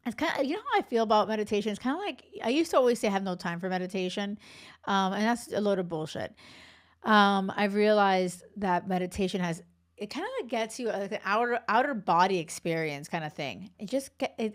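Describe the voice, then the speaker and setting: In a casual solo segment of her dating podcast, a coach in her forties with a mid-range voice speaks bluntly. Profanity comes easily to her, and laughter fills the gaps between tangents.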